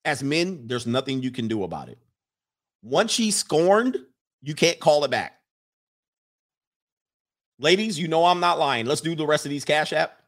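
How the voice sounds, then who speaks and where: A man hosting a live stream, giving a casual commentary monologue in an animated, preachy way and repeating his lines for emphasis. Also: a little high, normal speed, pauses often. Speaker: live-stream host reading viewer comments.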